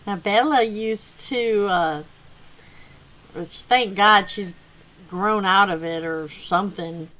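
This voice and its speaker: A woman's voice: medium pitch, takes it slowly, sharp tone, slight background noise, rough recording. A woman hosting a gaming channel, rambling through a casual story while she plays and laughing often. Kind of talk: casual chat while playing.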